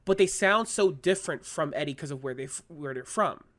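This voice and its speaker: A man co-hosting a podcast in casual chat, animated and swearing freely. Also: a little high, brisk. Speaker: podcast co-host.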